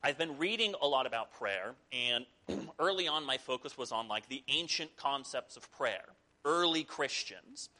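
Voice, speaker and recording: A man preaching a sermon, telling a scripture story with lively, mocking asides. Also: mid-range voice, moderate pace. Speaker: pastor.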